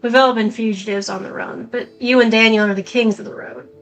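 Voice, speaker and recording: A woman's voice: on the high side, fairly even intonation, fairly bright tone, poor audio. A woman doing a young Southern drifter's letter. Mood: affectionate. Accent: put-on Southern US. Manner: read aloud from a letter, halting.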